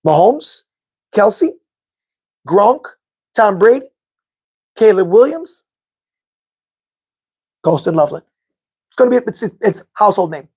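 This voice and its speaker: A man's voice: sits high, sing-song, slow pace, long pauses, a little mellow, husky. A man hosting a live sports fan podcast, chatting casually with viewers, rambling and repeating himself as he corrects his own figures. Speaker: podcast host reading live chat.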